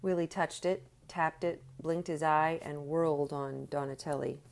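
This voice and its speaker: Woman narrator, low-pitched, steady audiobook reading. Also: measured pace, vocal fry. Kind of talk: scripted narration.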